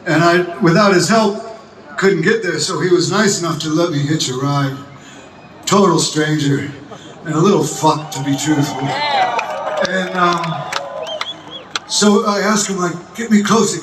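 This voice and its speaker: A man on an outdoor festival stage tells a rambling story to the crowd, halting and restarting, with laughing asides. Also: sits high, echoey room, a little hiss or hum. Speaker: rock singer addressing festival crowd. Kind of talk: onstage storytelling. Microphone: stage microphone through PA. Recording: distant crowd recording over loud PA.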